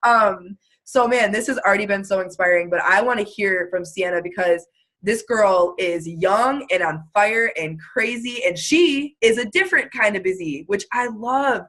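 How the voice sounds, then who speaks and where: Woman host, mid-pitch, effusive and chatty, video-call chat. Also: normal speed, fairly bright tone. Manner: effusive, gushing, lots of "like" and laughter.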